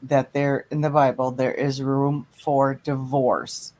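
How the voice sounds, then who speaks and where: A middle-aged woman hosting a casual chat, telling stories in a lively, animated way. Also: a bass voice, slow pace. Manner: chatty storyteller, animated retelling.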